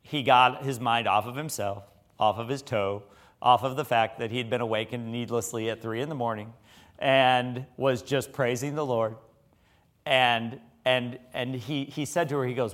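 A man's voice: mid-range voice, measured pace. Folksy man preaching a sermon. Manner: folksy, conversational, animated storytelling.

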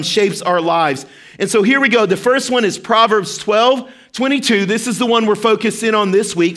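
Upbeat high-voiced pastor preaching. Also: male voice, fairly bright tone. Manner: upbeat, interactive, talks straight to the congregation. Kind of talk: sermon. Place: church service before a congregation.

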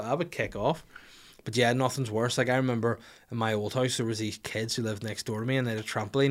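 A man's voice: medium pitch, fairly bright tone. A young man hosting a comedy podcast, swearing freely and acting out little scenes as he rants. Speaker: podcast host.

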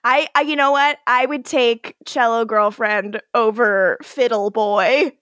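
A woman's voice: fairly high pitch, slow, a bit bright, dry recording, studio quality. A woman co-hosting a podcast in casual chat, giggly and blunt, swearing freely. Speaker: podcast co-host.

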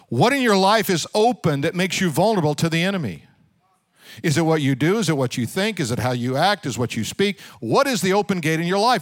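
A man preaching a sermon, telling a Bible story with lively asides and putting direct questions to his congregation. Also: a little high, no room sound, clean studio sound. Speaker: pastor.

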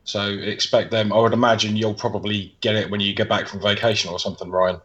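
A man's voice: fairly low pitch, flat delivery, fast, fairly bright tone, muffled recording. A man co-hosting a podcast, laid-back and casual with short agreeing replies. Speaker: podcast co-host.

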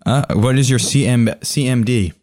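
A man's voice: medium pitch, normal speed, darkish tone. A man narrating as game master of a tabletop game, rambling with many fillers.

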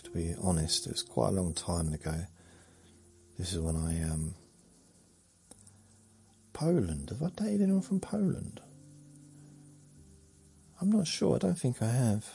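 Deep gravelly rambling man. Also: slow pace, pauses often, warm tone. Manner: meandering, muttered asides, trails off. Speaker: sleep podcast host. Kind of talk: rambling bedtime monologue.

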